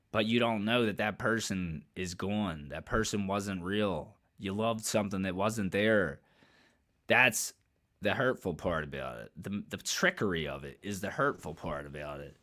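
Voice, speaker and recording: A man's voice: fairly low pitch, fairly bright tone. A man giving blunt, emphatic commentary in a casual vlog, swearing freely and repeating phrases as he builds his point. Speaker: commentary vlogger.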